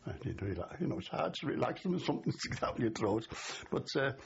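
A man's voice: medium pitch, very animated, a little fast, gravelly. An older man from the Liverpool area with a Scouse accent, telling stories in an oral history interview and chuckling at his memories. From Liverpool area, England. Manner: chatty storyteller, laughs at his memories. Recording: dull lo-fi recording with faint hiss.

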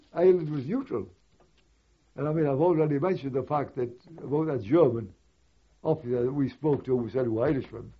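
Husky older man telling war stories. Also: a little high. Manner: rambling, conversational storytelling with asides. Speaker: war veteran recalling memories. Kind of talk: oral history recollection. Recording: dull lo-fi recording.

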